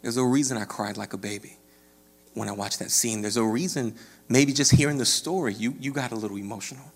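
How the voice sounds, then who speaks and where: A male pastor delivers a sermon in a relaxed, conversational way, often checking in with his listeners. His voice sits at an ordinary middle pitch for a man. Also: fairly quick, creaky. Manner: conversational, rising to animated storytelling with frequent "right?".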